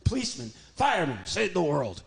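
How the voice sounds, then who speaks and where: A man's voice: high voice, sing-song, brisk, gravelly, exaggerated voice. A man voicing an eager male puppet who is a naked children's pastor, talking earnestly in simple boasts. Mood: slow, earnest.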